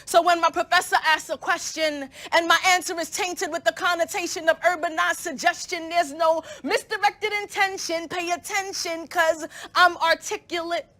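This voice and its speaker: A woman's voice: very high voice, steady tone, moderate pace, hardly any pauses, sharp tone. A young woman, a student poet, performing spoken word poetry with a rhythmic, rhyming, emphatic delivery.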